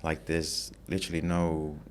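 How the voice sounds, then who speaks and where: Very deep-voiced easygoing male guest. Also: moderate pace, a little hiss or hum. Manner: relaxed, easygoing, says 'you know' often, laughs lightly. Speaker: guest, content creator. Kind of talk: casual interview chat.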